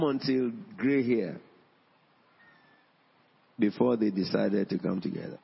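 A man preaching a sermon in a church, emphatic, with his pitch rising on key points. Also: slow, gravelly, long pauses, breathy edge. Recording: dull sound in a long-echo hall.

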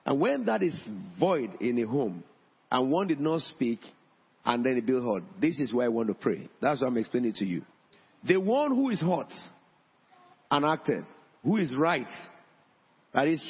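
A man preaching a sermon in a church, emphatic, with his pitch rising on key points. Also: creaky, husky. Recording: dull sound in a long-echo hall.

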